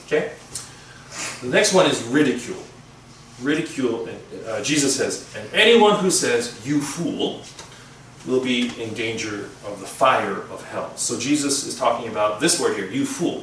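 A man's voice: medium pitch, a bit bright, a little hiss or hum. Male pastor, casual searching sermon delivery, recorded far from the mic in a reverberant hall. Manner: conversational preaching with pauses and restarts. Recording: echoey room from far off.

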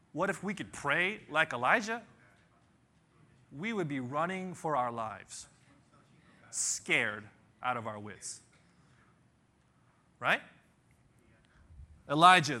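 A man preaching a sermon, telling a Bible story with animated storytelling, sudden shouts and dramatic pauses. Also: on the high side. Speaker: pastor.

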